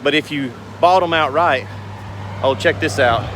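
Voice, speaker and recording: In an unhurried, slightly high voice, a man talks to his viewers over background noise. He's a business owner vlogger doing casual talk to camera, and he rambles in an earnest, folksy way.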